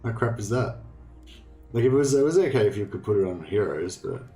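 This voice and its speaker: A man's voice: lowish voice, expressive, brisk, dark tone. An Australian man commenting casually on a strategy game he is playing, thinking aloud and swearing now and then. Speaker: gameplay streamer. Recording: roomy echo, faint game music.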